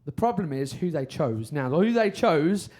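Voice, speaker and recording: A man's voice: a little high, animated, moderate pace, a little mellow. A young man from Birmingham doing a self-mocking stand-up comedy set, telling stories and slipping into put-on voices. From Birmingham, England.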